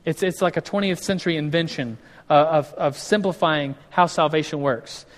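A moderately paced male pastor with a fairly high-pitched voice teaches a chatty, casual sermon. He frequently restarts sentences and acts out people's words, and the recording has a long hall reverb.

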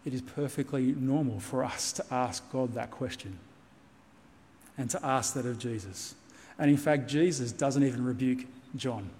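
A man's voice: medium pitch, unhurried, darkish tone, big-room sound, a little hiss or hum. A man preaching a sermon as pastor, earnest and reassuring, repeating key points for emphasis. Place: church.

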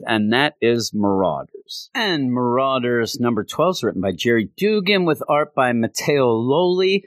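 A man's voice: mid-range voice, dry recording. A man reviewing comics in casual, rambling talk, full of fillers. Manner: rambling, many fillers like "you know".

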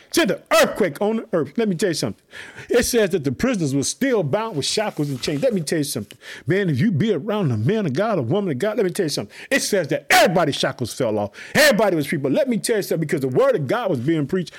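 A man's voice: sits high, very animated, fast talker, husky. A man preaching a fervent sermon, repeating phrases and urging on his listeners. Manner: fervent, repetitive call-and-response preaching.

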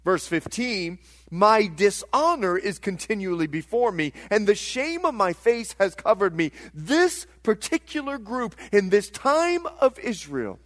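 High, lively, dramatic male preacher. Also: a little slow. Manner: dramatic, swinging from loud cries to hushed tones. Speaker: pastor. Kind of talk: sermon.

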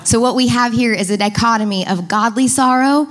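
Woman pastor preaching with emphasis. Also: fairly high pitch. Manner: emphatic, slows and stretches key words; addresses congregation directly, asks them to repeat. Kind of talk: sermon. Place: church before a congregation.

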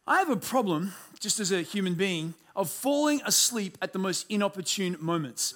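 A high-pitched man preaches a sermon. He tells stories with lively humor and an animated delivery. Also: moderate pace, few pauses. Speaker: pastor.

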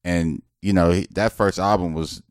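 A man's voice: deep voice, steady tone, normal speed, no room sound, clean studio sound. A man co-hosting a podcast, talking casually and opinionatedly, rambling and hedging with "I don't know.". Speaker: podcast co-host. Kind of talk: casual debate chat.

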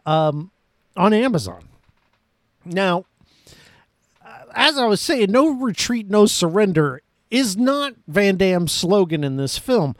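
A man's voice: sits high, no room sound, studio quality. A man hosting a podcast, reviewing a movie in a casual, rambling, self-mocking way. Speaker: podcast host.

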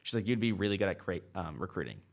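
A guest, a man in his twenties, tells a long personal story in casual chat, packed with "like" and quoted dialogue. His voice sits low and creaky, with a sing-song lilt and a fast pace.

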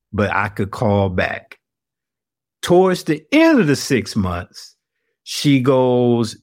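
A man spins a long story in an interview, acting out the people he quotes. His pitch swings widely as he goes. The recording is very dry and close. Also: no room sound. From Atlanta, US South. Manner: animated storyteller who acts out the people he quotes. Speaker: investigative reporter, guest.

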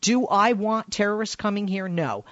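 A man's voice: high voice, normal speed, no room sound. Man, radio talk host, emphatic storyteller, dull lo-fi sound. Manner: emphatic storytelling, swings from loud to hushed.

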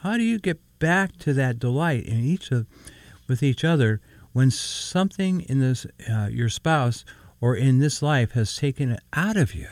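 Lively middle-aged man on faith radio. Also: medium pitch, normal speed, dry recording. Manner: lively, laughs often, reads Scripture aloud. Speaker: co-host. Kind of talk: casual Christian radio chat.

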